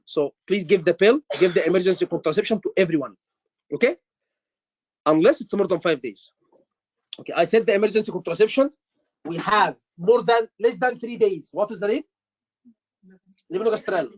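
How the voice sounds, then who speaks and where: A man's voice: high-pitched, fairly quick, pauses often, dry recording, highs cut off. A man tutoring students for a medical exam, emphatic and repeating his words. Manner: emphatic, repeats words, says "brother" often. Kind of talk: online teaching session.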